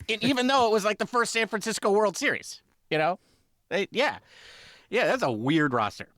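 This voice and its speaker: A man's voice: high-pitched, expressive, normal speed, fairly bright tone, dry recording, studio quality. A man co-hosting a comedic sports podcast, bantering with exasperated, rambling reactions. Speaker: podcast co-host.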